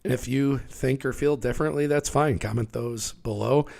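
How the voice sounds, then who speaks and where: A man with a raspy, hoarse voice from being sick, hosting a casual livestream and talking through market charts. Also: mid-range voice, moderate pace, darkish tone. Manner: conversational, talks through charts. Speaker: livestream host.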